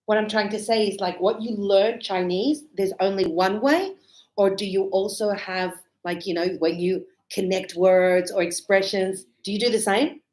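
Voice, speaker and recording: A woman teaching a relaxed spoken lesson, chatty and animated as she tells stories and laughs often. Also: mid-range voice, normal speed. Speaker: English teacher. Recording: echoey room.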